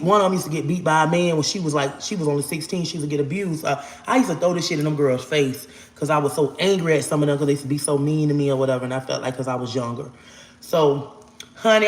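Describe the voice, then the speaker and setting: A woman in her forties telling a personal story straight to her viewers, talking emphatically and swearing oaths to God as she goes. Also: low-pitched. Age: 40s. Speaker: storyteller vlogger. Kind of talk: casual storytime monologue. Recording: echoey room.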